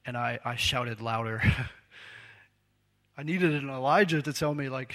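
A man's voice: mid-range voice, slow, pauses often, a bit bright. A man preaching a sermon in a conversational, self-deprecating way, laughing often.

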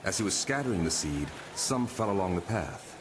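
A man voicing Jesus telling a parable in a dramatized scripture audiobook, in a lively storytelling cadence. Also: sits low, normal speed. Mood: calm. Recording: noisy audiobook played over speaker.

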